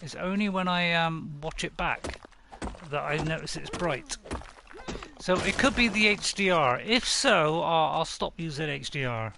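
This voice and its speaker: Gravelly man streaming a game. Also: on the high side, measured pace, noisy background. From United Kingdom. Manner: chatty, self-mocking, talks to viewers while playing. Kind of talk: casual live-stream commentary.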